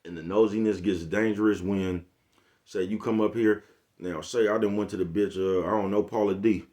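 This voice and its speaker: Male vlogger, lowish voice, loose slangy monologue, keeps checking in with his audience. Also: fairly even intonation, moderate pace, mellow. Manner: laid-back slangy rant, repeats "you get what I'm saying". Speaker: channel host. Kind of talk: casual vlog monologue.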